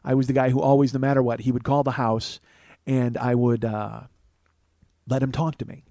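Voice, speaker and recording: Brief: forties male comedian, mid-pitched, casual swearing storyteller, dry studio sound. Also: moderate pace, no echo. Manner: profane, conversational, animated quotes. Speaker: podcast host, comedian. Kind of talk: personal storytelling.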